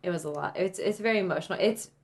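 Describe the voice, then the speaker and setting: A woman's voice: on the low side, rapid-fire. Young woman, laid-back podcast co-host, teasing, casual swearing. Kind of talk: casual chat.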